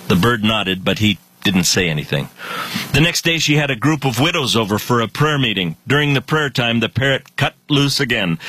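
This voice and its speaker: A man's voice: mid-range voice, sharp tone, husky, no echo, rough recording. A man telling a joke in a short radio comedy spot, with punchy storytelling timing.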